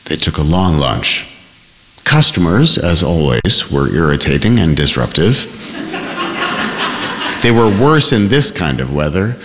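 A man narrates a literary novel in a fairly low voice. His delivery is expressive, with a wide, moving pitch. A long reverb trails each phrase. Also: noisy background. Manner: measured, expressive reading. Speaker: audiobook narrator. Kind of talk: scripted narration.

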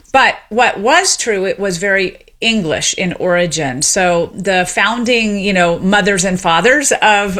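Middle-aged woman, academic interview guest, articulate and animated in her explanations. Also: medium pitch. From Memphis, Tennessee. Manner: articulate, explanatory, lively emphasis. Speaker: sociolinguist guest. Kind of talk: radio interview.

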